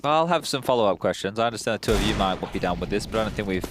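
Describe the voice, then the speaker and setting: A man's voice: fairly low pitch, expressive, racing, noisy background. A man casting a live esports match, playful and teasing as he steers the banter. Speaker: esports caster.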